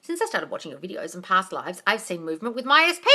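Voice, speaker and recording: A woman coaching viewers on manifesting during a casual live Q&A, blunt and full of swearing, calling everyone darling and swinging between loud excitement and low asides. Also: fast talker, hardly any pauses, a little hiss or hum. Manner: blunt, swears freely, calls listeners darling. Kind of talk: casual live Q&A, reading out comments.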